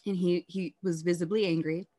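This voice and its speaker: A woman telling her life story in an interview, candid and reflective, often halting and restarting. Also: lowish voice, steady tone, dark tone.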